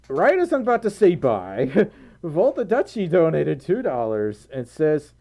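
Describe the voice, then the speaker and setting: Tired, giggly streamer with a dark voice. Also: medium pitch, huge pitch swings, slow. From United States. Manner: giggly, rambling, thanks viewers warmly. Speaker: live streamer. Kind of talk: casual live stream chat, reading donations.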